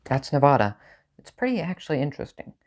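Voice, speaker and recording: A man hosting a casual comedic video, talking in a dry, offhand, mock-opinionated way with sudden jumps in pitch. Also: big pitch swings, fast talker, a little mellow. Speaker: video host ranking states. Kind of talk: casual, deadpan comedic monologue.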